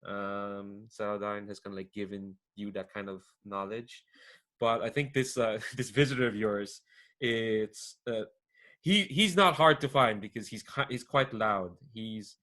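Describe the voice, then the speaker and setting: A man's voice: lowish voice, measured pace, sharp tone. A man narrating as game master of a tabletop game, rambling with many fillers.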